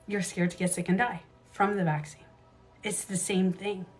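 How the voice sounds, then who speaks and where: A woman in her thirties talks through her own hard stories on a casual livestream, with a mid-range pitch, blunt swearing and lively asides. Faint music plays underneath her voice. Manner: candid, swears freely, animated retelling with quick asides. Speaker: beauty coach livestream host.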